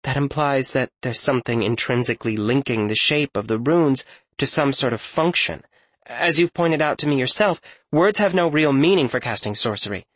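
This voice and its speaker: A man's voice: medium pitch, moderate pace, fairly bright tone, no room sound, natural voice. A man voicing a thoughtful young woman scholar in an audiobook, reasoning through a puzzle carefully. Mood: analytical. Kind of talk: audiobook character voice.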